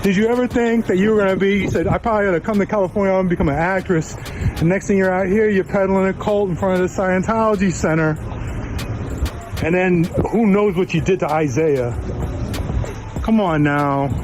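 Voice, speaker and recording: A man's voice: high voice, fairly quick, background noise. A man filming on a city sidewalk with a handheld phone, mocking and needling people in a provocative street confrontation.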